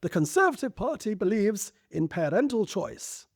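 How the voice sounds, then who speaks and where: A man's voice: high-pitched, sing-song, vocal fry, no room sound, clean studio sound, voice pushed up, heavily acted. A man putting on a stern old lady politician. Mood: stern, preachy. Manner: grand, preachy, drawn-out emphasis. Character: stern older woman politician making a speech.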